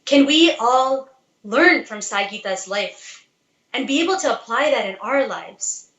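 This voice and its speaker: A woman's voice: a little high, a bit bright, roomy sound, rough recording. A woman giving an earnest devotional talk, telling a story and asking rhetorical questions to urge listeners on. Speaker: devotional speaker.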